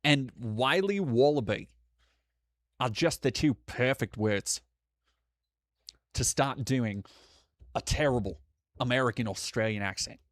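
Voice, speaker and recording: A man's voice: mid-range voice, unhurried, pauses often, no echo, clean studio sound. A young man hosting a live stream, chatting casually and reading donations, rambling with frequent restarts and swearing. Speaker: streamer host.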